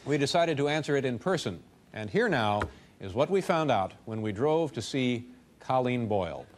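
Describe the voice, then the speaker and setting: Man host, mid-pitched voice, dry ironic studio monologue. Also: lively intonation, moderate pace. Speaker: talk show host.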